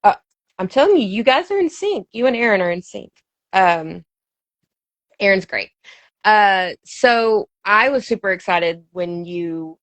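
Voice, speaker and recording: A woman's voice: on the low side, dry recording. A woman podcast host and book reviewer chatting with a guest, enthusiastic and full of fillers. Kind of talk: casual interview chat.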